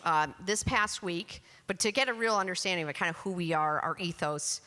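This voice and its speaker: Panelist: middle-aged woman, bright tone, chatty and candid, reverberant hall. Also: lowish voice, moderate pace. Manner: candid, chatty, self-deprecating. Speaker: panelist, chief marketing officer. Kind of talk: conference panel talk, storytelling. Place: conference hall on stage. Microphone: handheld microphone.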